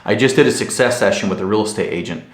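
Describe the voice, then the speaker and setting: Earnest low-voiced man in an echoey room. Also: fast. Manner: earnest storytelling, addresses viewers directly. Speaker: real estate coach and investor. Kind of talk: motivational talk to camera.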